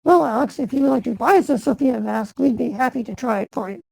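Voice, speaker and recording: A woman's voice: a little high, fast, vocal fry, a little mellow, no room sound, poor audio. A woman hosting a casual chat show in an easygoing, chatty way. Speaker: host.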